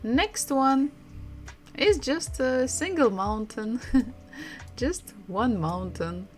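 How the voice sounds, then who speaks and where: A woman with a Russian accent teaching a language lesson, slowly repeating words and laughing often. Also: a little high, expressive, soft background music. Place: home room.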